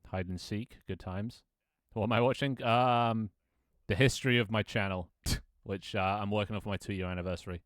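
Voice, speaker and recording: Deep-voiced young man, rambling stream chat. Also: fairly even intonation, normal speed, hardly any pauses, smooth, no room sound, studio quality. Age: 20s. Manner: rambling, self-mocking, laughs often, swears casually. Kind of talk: casual live-stream chat. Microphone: desk microphone.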